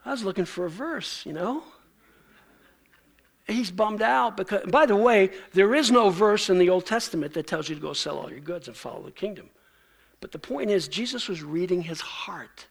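A man's voice: high-pitched, lively intonation, normal speed, creaky. A male pastor preaching a sermon in a conversational way, acting out the lines he quotes.

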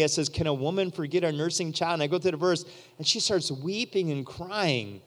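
Animated preaching man, high voice. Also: moderate pace. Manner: animated, acts out quoted voices. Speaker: pastor. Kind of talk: storytelling sermon. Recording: long hall reverb.

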